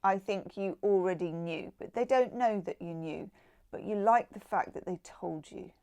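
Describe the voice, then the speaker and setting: A woman's voice: medium pitch, normal speed, gravelly, a little mellow. Chatty woman giving a tarot reading. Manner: chatty, with exclaimed asides. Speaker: tarot reader. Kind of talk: casual tarot card reading.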